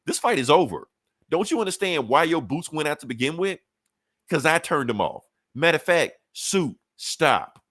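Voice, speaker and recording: A man's voice: fairly high pitch, big pitch swings, normal speed, fairly bright tone, no echo, studio quality, voice pushed up. A man voicing a scheming female corporate villain who gloats and taunts, retold in a comic recap. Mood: gloating.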